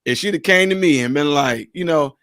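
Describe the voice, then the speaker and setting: Male host, high-pitched and dry, loose laughing storyteller for a casual chat. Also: fairly quick, fairly bright tone, no echo.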